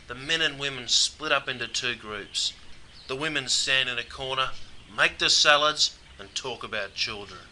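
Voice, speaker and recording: A man's voice: medium pitch, sharp tone, a little hiss or hum. A man with an Australian accent, presenting a scripted comedic explainer in a dry, matey way. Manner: dry, matey, says mate constantly.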